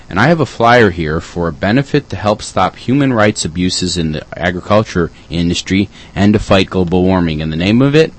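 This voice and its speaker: A man's voice: low-pitched, rough recording. A man co-hosting community radio, reading environmental news items with dry joking asides.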